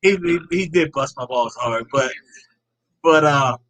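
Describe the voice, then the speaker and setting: A man's voice: mid-range voice, a little slow, fairly bright tone, low-quality recording. A man hosting a casual live-stream podcast chat, upbeat and reading out viewer comments. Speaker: podcast host.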